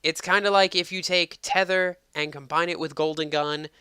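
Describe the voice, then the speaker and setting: Male game reviewer, bright forceful voice, crisp and dry, casual exasperated rambling. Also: on the high side, fairly even intonation, moderate pace, dry recording. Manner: exasperated, rambling, frequent ums. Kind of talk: casual gameplay commentary.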